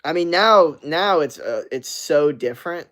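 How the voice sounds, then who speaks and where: A man's voice: fairly high pitch, expressive, unhurried, fairly bright tone. A young man streaming live, chatting loosely and swearing as he reads and answers chat messages. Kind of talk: casual live-stream chat reading comments.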